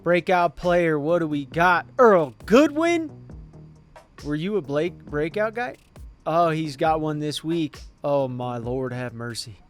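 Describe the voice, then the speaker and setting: A man commenting on a football video game, swinging from quiet mumbling to excited yelling. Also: on the high side, unhurried, faint music behind. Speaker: gaming YouTuber.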